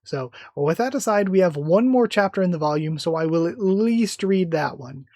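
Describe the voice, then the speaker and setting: A host talking through a live comic reaction, enthusiastic and rambling, doubling back with fillers. The voice sits at a middling pitch, and the recording is dry and close. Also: lively intonation, moderate pace, darkish tone, no room sound.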